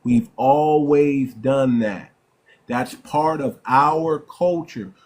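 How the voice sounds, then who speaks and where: A man hosting a heated live stream debate, forceful and repetitive, often cutting in with "listen" and "hold on.". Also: medium pitch, drawn-out words. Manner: forceful, repeats words, interrupts. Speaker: host.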